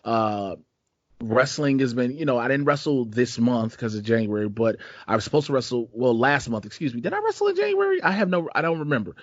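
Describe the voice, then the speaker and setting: A man's voice: medium pitch, a little fast, no echo. A man from Chicago hosting a casual podcast, rambling in a laid-back, profane way with plenty of slang. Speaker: podcast host. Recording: dull lo-fi dry sound.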